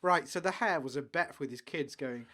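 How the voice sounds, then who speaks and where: A man co-hosting a podcast, chatting enthusiastically about sport and trailing off quietly at the ends of lines. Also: fairly high pitch, moderate pace. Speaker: podcast co-host. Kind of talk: casual sports chat.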